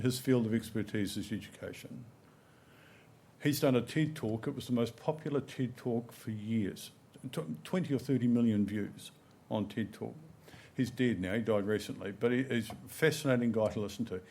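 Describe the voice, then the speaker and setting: A man's voice: medium pitch, warm tone. A middle-aged man, giving a conference talk in a conversational, anecdotal way, often checking in with "right?" and "you know". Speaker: conference speaker. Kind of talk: conference presentation. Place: conference hall.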